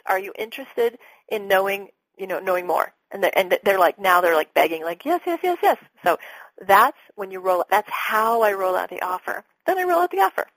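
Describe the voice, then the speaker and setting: A middle-aged woman business coach speaks on an interview podcast in a mid-range, slightly husky voice, animatedly acting out little sales-call exchanges with clients. The rough recording is dry and close, with no room sound at all.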